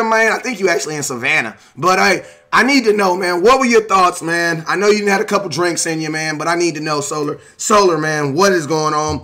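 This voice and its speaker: A man hosting a live sports stream, talking animatedly with lots of "man" and "bro", sometimes shouting. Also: high-pitched. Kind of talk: casual sports talk.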